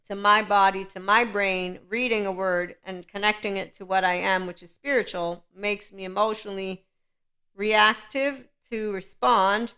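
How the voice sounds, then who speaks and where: A woman's voice: mid-range voice, vocal fry, sharp tone, clean tone. A woman hosting a podcast, talking unscripted in a rambling, emphatic and candid way, often checking in with "okay". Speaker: podcast host. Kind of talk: unscripted solo podcast monologue.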